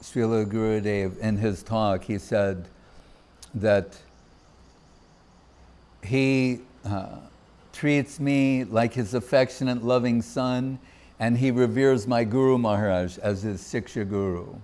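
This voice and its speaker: Here a Gaudiya Vaishnava speaker with a lowish voice talks slowly at a temple festival gathering. His devotional talk moves through anecdotes and warm laughter, with the people he quotes voiced in character.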